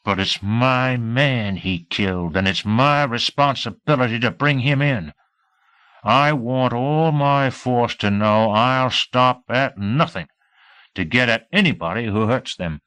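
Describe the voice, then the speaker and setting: A man's voice: medium pitch, unhurried, a bit bright, clean tone, dry recording, natural voice, poor audio. A man voicing a stubborn, middle-aged male police chief who speaks firmly. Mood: resolute. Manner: firm, resolute.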